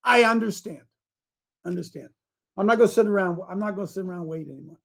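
A high-pitched man rants like a preacher on his own talk show. He drops into low, muttered asides and then climbs into shouting runs. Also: fast, gravelly. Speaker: radio show host. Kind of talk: fiery talk-show monologue.

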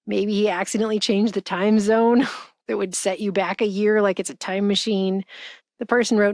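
A woman's voice: mid-range voice, little pitch movement, normal speed, a little mellow, dry recording, studio quality. Amused sarcastic woman commenting. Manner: amused, sarcastic, laughs often. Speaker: video host. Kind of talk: comedic commentary.

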